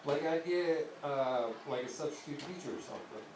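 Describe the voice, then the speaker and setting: A man's voice: on the high side, moderate pace, far from the mic, noisy background. A young man doing a crude, rambling stand-up set on a comedy club stage, slipping into voices to act out his jokes. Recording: echoey club heard from afar.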